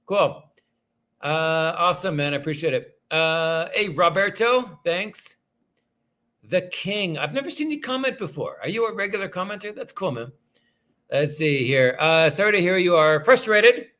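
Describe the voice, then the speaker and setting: A man with a high, bright voice hosts a relaxed livestream, thanking viewers one after another. His talk rambles with frequent restarts, and he pokes fun at himself along the way. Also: normal speed. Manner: rambling, self-deprecating, thanks viewers often. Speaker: livestream host reading viewer comments. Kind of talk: casual livestream chat.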